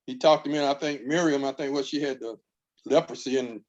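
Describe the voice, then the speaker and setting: A man in a church Bible study who talks in a casual, folksy way, with halting phrases and laughs between them. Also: mid-range voice, lo-fi sound.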